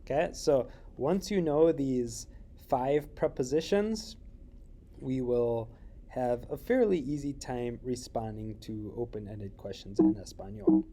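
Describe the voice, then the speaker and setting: A man teaching a recorded Spanish lesson, explaining slowly with many fillers and checking questions. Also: mid-range voice, very animated, mellow, a little hiss or hum.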